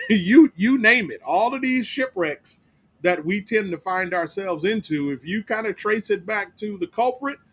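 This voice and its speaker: A man's voice: high voice, a bit bright. A man pastor teaching a Bible study, emphatic and repetitive, often asking "right?" to his listeners. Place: church.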